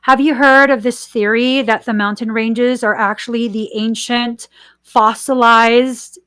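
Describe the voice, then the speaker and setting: A woman hosting a spiritual podcast, speaking slowly and earnestly and repeating her warnings. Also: on the high side, fairly even intonation, a bit bright, clear, resonant tone, no room sound. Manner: slow, earnest and warning, with repetitions. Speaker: podcast host. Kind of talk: spiritual channeling chat.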